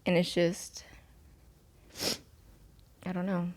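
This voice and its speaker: A woman co-hosting a casual, faith-based podcast, speaking softly and thoughtfully with hesitant pauses. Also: fairly low pitch, completely flat delivery. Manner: soft-spoken, thoughtful, hesitant. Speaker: podcast co-host.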